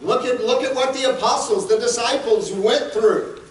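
A man preaching a sermon as pastor, fervent and rising to shouts at times. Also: very high voice, moderate pace, echoey room, distant mic, soft background music, poor audio.

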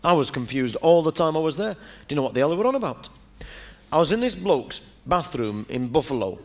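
Performing live stand-up before an audience, a Northern English comedian rambles and chats his way through stories packed with asides. His voice sits on the high side, swings widely in pitch, and runs a little fast.

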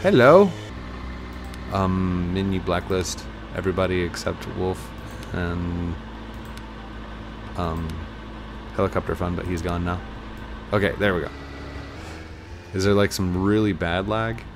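Sniffly man, lowish voice, easily excited into yelps, unhurried let's-play chatter. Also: noisy background. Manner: excitable, bursts into laughter and high yelps. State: sniffly, stuffy nose. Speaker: gaming YouTuber. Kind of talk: casual let's-play commentary.

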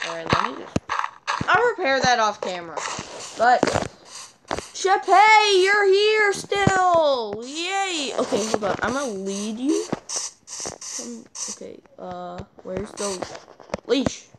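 A woman hosting a casual let's-play, rambling and excitable, chatting to the animals and repeating her sign-off. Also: mid-range voice, a little slow, long pauses. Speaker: gaming channel host. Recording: audible clicking noise behind voice.

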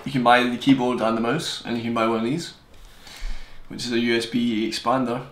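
A young man reviewing a gadget on camera in a fast, joking, rambling way. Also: medium pitch, little pitch movement. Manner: fast-talking, joking, digressive. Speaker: tech reviewer. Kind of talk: casual rambling product review. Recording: echoey room, faint hiss.

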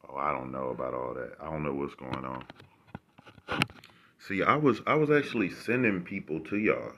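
A man's voice: very deep voice, animated, moderate pace, dull audio, background noise. A man vlogging to camera, ranting casually with rambling, profane and sarcastic remarks.

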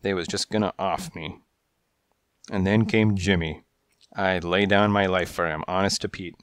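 A man doing Slasher, a raspy gangster cat. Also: low-pitched, steady tone, normal speed, no echo, clean studio sound, lightly acted. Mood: gruff. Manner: streetwise tough-guy slang. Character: tough gangster alley cat, male, menacing. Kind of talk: storybook reading.

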